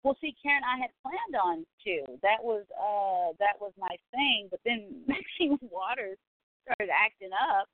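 A woman's voice: mid-range voice, animated, unhurried, no room sound. A woman hosting a casual live stream from home, chatty and blunt, laughing often and swearing freely as she reads viewer comments. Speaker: livestream host reading viewer comments. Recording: tinny phone-like, dry sound.

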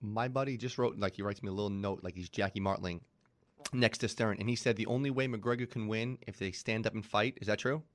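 A man hosting a podcast, asking quick, casual questions of his guest. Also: lowish voice. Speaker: podcast host.

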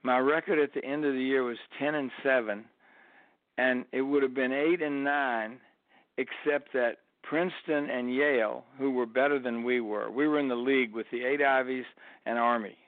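A man's voice: mid-range voice, moderate pace, dry recording. An older man, a retired college tennis coach, telling stories as an interview guest and acting out the quotes. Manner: animated storyteller who acts out quotes. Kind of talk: storytelling interview. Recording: dry phone-like line.

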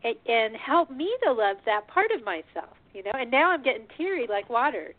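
Woman host in her fifties, rambling and self-deprecating, slightly high, on a tinny line. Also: very animated, normal speed, dry recording. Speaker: radio show host. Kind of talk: casual interview talk.

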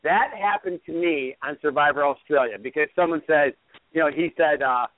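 A man's voice: fairly high pitch, normal speed, dry recording. A man hosting a casual call-in show, rambling with lots of restarts and repeats. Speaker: host. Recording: tinny phone line.

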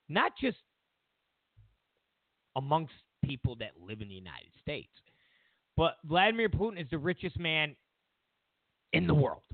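A high, lively male voice rants in slow, drawn-out bursts of mockery, swinging his pitch wildly. The sound is dry and thin, like it comes down a phone line. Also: vocal fry, no echo. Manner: sarcastic, mocking, acts out voices of others. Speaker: talk show host. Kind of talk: ranting political commentary.

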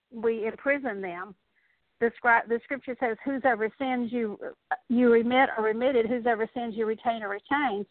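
A woman preaching a sermon in a fairly high voice, earnestly retelling scripture as a story. The sound is thin and phone-like, with a dry, close tone. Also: no echo. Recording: tinny phone-like radio broadcast.

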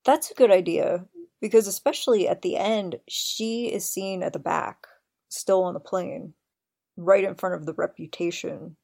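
A woman's voice: on the low side, moderate pace, creaky, dark tone. A woman hosting a podcast, eagerly recounting scenes in detail with open admiration. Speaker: podcast host. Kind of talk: casual chat.

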